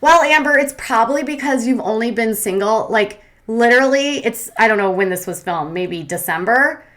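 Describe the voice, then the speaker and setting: A woman's voice: a little high, lively intonation, moderate pace, fairly bright tone. A woman giving a casual, opinionated recap commentary, chatty and full of "um" and "like". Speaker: commentary host.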